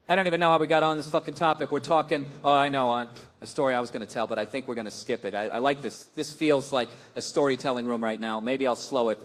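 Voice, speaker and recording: A middle-aged man doing stand-up on a club stage, telling a profane, animated story and mimicking his family. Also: medium pitch, fast. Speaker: stand-up comedian.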